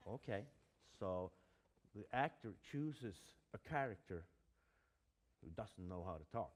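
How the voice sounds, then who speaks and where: A man's voice: fairly low pitch, wildly swooping pitch, slow pace, long pauses. A man, an acting teacher giving a lecture, hesitant and full of fillers and restarts.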